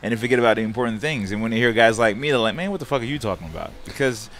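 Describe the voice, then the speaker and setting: A man originally from Jamaica talks openly in a radio studio, swearing freely as he reflects on what matters to him. His voice sits at an ordinary middle pitch. He speaks in a blunt, unfiltered way. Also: racing, fairly bright tone, slight background noise. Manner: blunt and heavily profane, reflective. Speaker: guest fighter. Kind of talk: candid radio interview.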